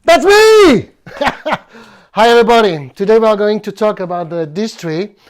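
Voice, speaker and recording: A man from France with a French accent, hosting a bonsai video in a playful, halting way with many fillers. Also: sits high. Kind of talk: casual presentation.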